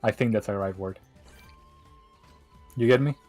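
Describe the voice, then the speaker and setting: A man's voice: fairly low pitch, unhurried, a little mellow, faint music behind, rough recording. A man chatting casually on a game stream, rambling loosely and leaning on fillers like "you get me". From Chile.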